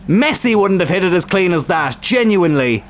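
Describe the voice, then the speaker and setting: This is a young man calling his own football video game match, excitable, cursing at the screen, his throat strained. His voice sits high and he talks at a normal speed.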